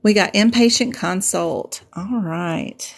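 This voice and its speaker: Slow, gravelly Southern woman teaching. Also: medium pitch. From Southern United States. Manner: patient, repetitive explaining, folksy asides. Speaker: medical coding instructor. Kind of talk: livestream teaching and chat.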